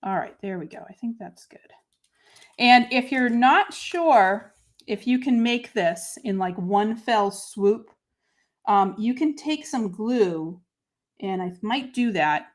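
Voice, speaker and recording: A woman's voice: on the high side, lively intonation, slow. A woman hosting a live papercrafting stream, chatting casually as she narrates each step and greets viewers by name. She is self-deprecating and talks as she works with her hands. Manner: answers viewer comments by name.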